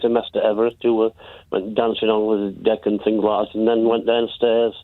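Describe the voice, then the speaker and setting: A man's voice: on the low side, flat delivery, fairly quick. A man with a northern English accent calling in to a radio show, rambling and hesitant with many fillers. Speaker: caller. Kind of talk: phone-in call. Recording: tinny phone line.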